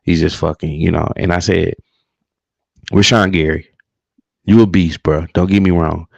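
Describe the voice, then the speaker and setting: A man with a very low, gravelly voice rants heatedly and profanely, repeating his points. His audio is dull and lo-fi, with a dry, close sound. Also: steady tone, normal speed, a little mellow, no echo. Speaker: livestream co-host. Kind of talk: profane casual sports rant.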